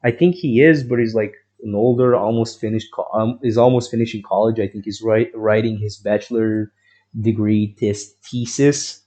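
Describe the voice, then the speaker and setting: Low, dark-voiced young man rambling. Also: steady tone, moderate pace. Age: young adult. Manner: rambling, profane, full of fillers and restarts. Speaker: vlogger. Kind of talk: rambling personal storytelling.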